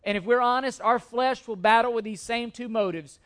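High-voiced preaching pastor. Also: male voice, normal speed, fairly bright tone. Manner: earnest preaching with frequent restarts and call-and-response questions. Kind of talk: sermon.

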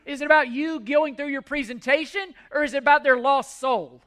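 High, bright-voiced man preaching earnestly. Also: fairly quick. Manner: earnest, pleading, repeats words as he restarts. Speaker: pastor. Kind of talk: sermon.

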